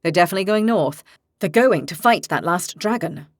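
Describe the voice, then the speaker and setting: A woman voicing a calm, decisive young male ranger leader in an audiobook, close to her own voice. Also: high voice, fairly quick, no echo.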